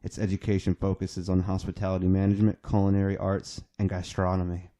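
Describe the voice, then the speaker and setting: Deep, mellow-voiced deadpan male co-host. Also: fast talker. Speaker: podcast co-host. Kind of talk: casual comedic recap chat.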